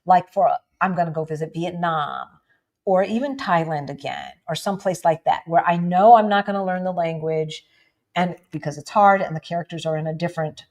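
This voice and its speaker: A woman from the United States co-hosting a casual livestream, chatting with viewers and often asking "right?". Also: a little fast. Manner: animated, jumps up in pitch for emphasis. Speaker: livestream co-host.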